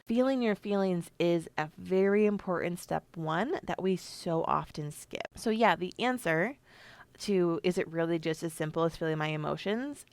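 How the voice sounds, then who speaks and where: A woman's voice: mid-range voice, vocal fry, no echo. A young adult woman hosting a solo podcast, speaking candidly with casual swearing and frequent laughs. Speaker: podcast host.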